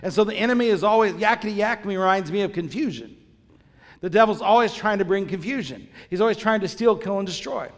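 High-voiced preacher in a reverberant church. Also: male voice, quick pace. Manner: emphatic, repeats phrases and asks the congregation questions. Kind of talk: sermon. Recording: long reverb of a large church hall.

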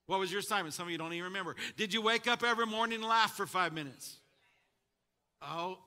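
A man preaching a sermon, calling out to his congregation and building to shouts at the high points. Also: fast, clear, resonant tone. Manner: call-and-response preaching to a congregation. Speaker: pastor.

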